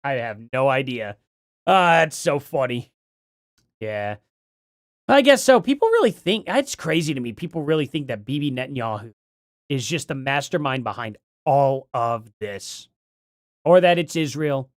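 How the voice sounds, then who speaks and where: A middle-aged man hosting a casual livestream, thinking out loud and reading chat aloud, with lots of ums and restarts. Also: medium pitch, very animated, unhurried, dry recording, clean studio sound. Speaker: livestream host.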